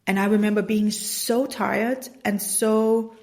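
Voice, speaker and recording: Woman telling her story on her podcast, kinda gravelly voice, acts out what everyone said. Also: mid-range voice, little pitch movement, takes it slowly, a little mellow. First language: Danish. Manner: earnest, re-enacts dialogue with "I was like". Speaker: podcast host. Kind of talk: personal storytelling.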